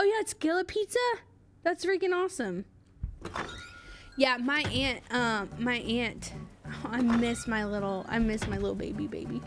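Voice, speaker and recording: A woman's voice: a little high, slight background noise. Bubbly woman streamer chatting with her viewers. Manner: bubbly and gushing, thanking chat by name. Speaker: game streamer. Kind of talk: casual live-stream chat.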